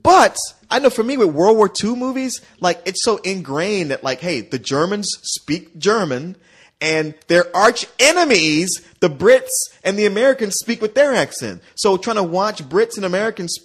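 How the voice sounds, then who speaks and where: A man with a husky, slightly high voice that rises and falls a lot. He rambles through his opinions on a film, often starting with "I mean.". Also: expressive, normal speed, a bit bright. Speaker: movie reviewer. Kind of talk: casual chat.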